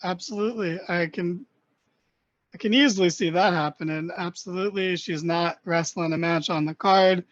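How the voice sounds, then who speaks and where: A man's voice: high-pitched, moderate pace, fairly bright tone, no echo. A man hosting a wrestling podcast in casual chat, agreeable and steering the talk from guest to guest. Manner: agreeable, runs the talk, hands the mic to others. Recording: dry, dull lo-fi call mic.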